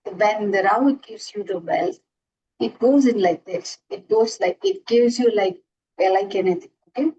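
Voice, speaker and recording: A woman's voice: medium pitch, moderate pace, warm tone, highs cut off, a little hiss or hum. A woman teaching astrology in an earnest lecture, restarting and repeating herself often as she explains. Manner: earnest, repetitive, frequent restarts. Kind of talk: classroom lecture.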